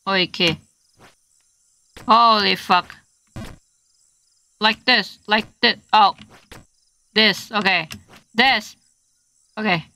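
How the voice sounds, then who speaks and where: A woman's voice: mid-range voice, very slow, vocal fry, long pauses, pushed and bright. A young woman streaming a game live, swearing and yelping in frustration as she plays. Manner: swearing, frustrated outbursts and playful yelps. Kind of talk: live gameplay stream chatter.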